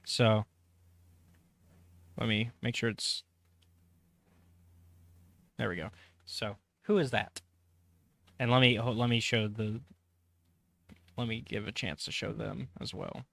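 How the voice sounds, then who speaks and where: A man's voice: fairly low pitch, fairly even intonation, takes it slowly, vocal fry, long pauses, fairly bright tone. A man hosting a casual podcast, running a trivia quiz and reading quotes aloud, chatty and correcting himself as he goes. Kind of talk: casual chat.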